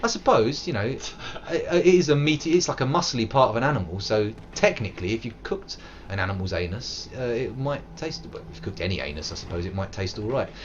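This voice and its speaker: A man's voice: medium pitch, lively intonation, brisk, lo-fi sound, slight background noise. An English man in his thirties, rambling playfully as he streams a game live and chats with viewers. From England. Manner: playful, rambling, bursts into silly put-on voices. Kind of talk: live gameplay commentary.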